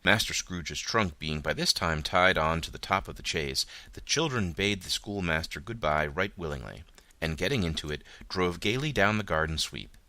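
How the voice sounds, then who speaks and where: A man narrating a classic novel as an audiobook, with an expressive, dramatic reading. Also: low-pitched, normal speed, no room sound.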